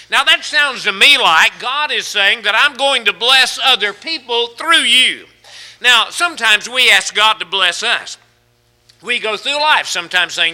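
A male preacher with a high, piercing, bright voice delivers a sermon. He tells homespun stories and leans hard on key phrases. It sounds like a church service. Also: lively intonation, normal speed. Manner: folksy storytelling with rising emphasis.

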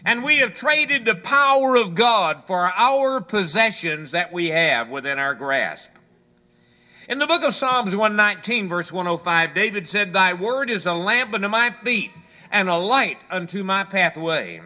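Lively, bright-voiced preacher man. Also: measured pace. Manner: storytelling preacher, drops low for quiet asides. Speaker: pastor. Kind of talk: sermon with folksy illustrations.

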